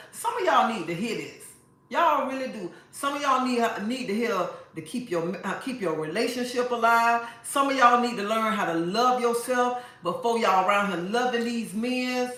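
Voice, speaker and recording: A woman's voice: a little high, animated, moderate pace, fairly bright tone. A woman giving frank, emphatic advice to her live-stream viewers, repeating lines for effect. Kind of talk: casual advice talk to viewers. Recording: very echoey room.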